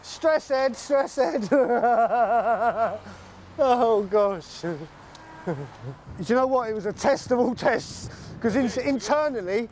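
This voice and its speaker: Chatty high-voiced man. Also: lively intonation, slow, darkish tone, slight background noise. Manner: chatty, peppers talk with "you know what I mean" and laughs. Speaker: psychiatric inpatient on leave. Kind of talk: casual chat while out and about.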